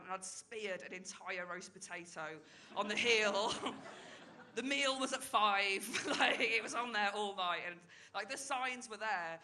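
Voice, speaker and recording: A woman's voice: mid-range voice, pushed and bright, slight background noise. A woman in her thirties performing a chatty stand-up comedy set, tagging her lines with "right?" and "like". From Britain. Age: 30s.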